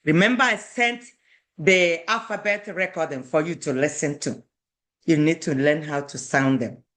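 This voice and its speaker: A language teacher, an Igbo speaker, patiently teaching a beginner class and repeating each phrase slowly for learners. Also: mid-range voice, fairly bright tone.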